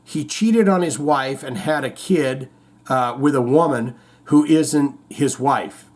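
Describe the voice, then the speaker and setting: A man's voice: mid-range voice, takes it slowly. A man hosting a show in casual chat, rambling, reading out viewer comments and telling corny jokes. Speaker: host.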